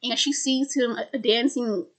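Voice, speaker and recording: Young woman, stutters, casual film recap, somewhat high voice. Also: fairly even intonation, a little slow. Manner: stutters, restarts words. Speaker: video creator.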